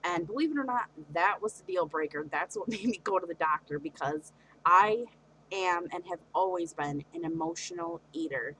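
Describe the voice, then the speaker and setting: A woman's voice: fairly low pitch, moderate pace, fairly bright tone, slight background noise, low-quality recording. A young woman talking through a personal confessional vlog, hesitant and earnest, with many fillers and restarts. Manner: earnest and open about her feelings. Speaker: vlogger.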